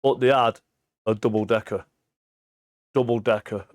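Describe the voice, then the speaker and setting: A man in his forties with an English accent, telling stories in a sweary, animated casual chat as a podcast guest. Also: lowish voice, moderate pace, dry recording. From England. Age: 40s.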